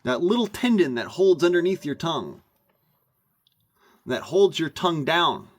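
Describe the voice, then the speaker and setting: A vlogger rants to his camera, his voice fairly high and expressive, moving at a measured pace. He is emphatic and meandering, circling back to repeat himself often.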